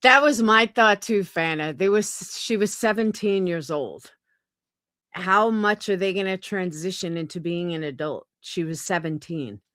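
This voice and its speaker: A woman's voice: on the low side, a little slow, a bit bright, no room sound, clean studio sound. A woman on a livestream panel, speaking bluntly and outspokenly in casual talk.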